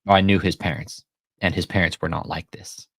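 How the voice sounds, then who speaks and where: A man's voice: low voice, flat delivery, a little fast, vocal fry, no room sound, studio quality. A man hosting a casual commentary show, swearing freely and retelling a phone call by acting out both sides of the dialogue. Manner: profane, retells phone calls with quoted dialogue. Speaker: commentary channel host.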